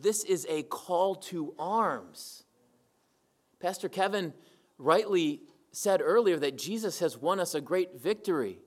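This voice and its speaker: A man preaching a sermon to his church, emphatic and repeating key phrases for weight. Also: high-pitched. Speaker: pastor.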